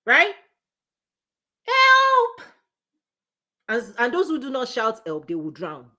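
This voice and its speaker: A woman's voice: on the high side, normal speed. Emphatic woman coaching on a live stream. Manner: emphatic, repetitive, animated preaching cadence; laughs between points. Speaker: business coach. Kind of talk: motivational live-stream talk.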